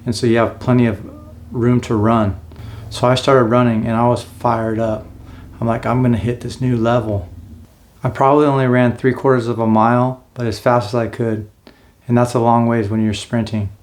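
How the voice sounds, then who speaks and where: A man's voice: mid-range voice, little pitch movement, moderate pace, darkish tone, a little hiss or hum. A man in his forties telling his own life story in a casual, earnest way, now and then acting out what he said back then. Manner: earnest, acts out his own past lines.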